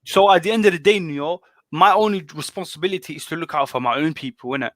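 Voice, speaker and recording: A man's voice: on the high side, fast talker, a bit bright, no room sound. Argumentative young man. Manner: argumentative, slangy, joking. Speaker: panel speaker. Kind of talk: casual debate.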